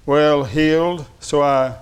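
A man's voice: a little high, steady tone, slow, clean tone. A man preaching a sermon, reading funny anecdotes aloud and laughing along, then turning earnest. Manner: shifts between light storytelling and earnest preaching.

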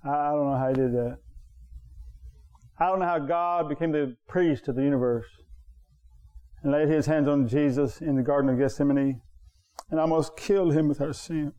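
A man preaching a sermon to his congregation, repeating phrases for emphasis and jumping up in pitch on his key points. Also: fairly even intonation, normal speed, long pauses, warm tone. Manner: talks straight to the congregation. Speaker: pastor.

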